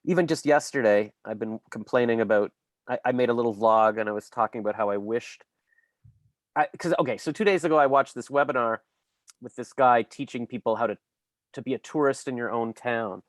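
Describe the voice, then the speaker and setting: A man's voice: mid-range voice, a little fast, no room sound. A man hosting a casual interview podcast, telling long rambling stories full of fillers and restarts. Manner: rambling storyteller, many fillers. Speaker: podcast host.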